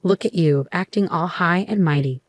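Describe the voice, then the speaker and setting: A woman's voice: lowish voice, moderate pace, lightly acted. Arrogant scornful husband, as a woman reads him. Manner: scornful and bossy. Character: angry condescending husband, adult man. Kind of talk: storybook narration.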